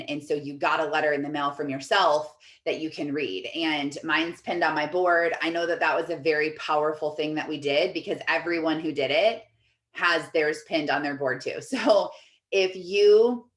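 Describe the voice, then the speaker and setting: A woman's voice: sits low, a bit bright, echoey room. A woman life coach hosting a group video call, chatting casually and reading out comments from the chat in an upbeat, encouraging way.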